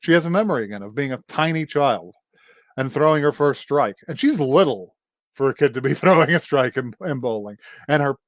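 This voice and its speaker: Male podcast co-host, very expressive pitch, dry close-mic sound, rambling animated retelling. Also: a little fast, no echo. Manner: rambling, animated storytelling that acts out characters' lines. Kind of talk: casual chat recapping an anime episode.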